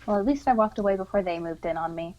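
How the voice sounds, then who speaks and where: A woman's voice: medium pitch, fast talker, darkish tone, muffled recording. A woman playing a tabletop game, thinking aloud and hesitating over her moves. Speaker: player. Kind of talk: casual tabletop play.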